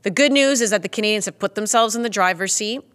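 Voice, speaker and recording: A woman's voice: medium pitch, fast, fairly bright tone. Woman hosting a soccer chat. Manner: conversational, asks questions, says "right?" often. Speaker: host. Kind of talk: casual sports chat.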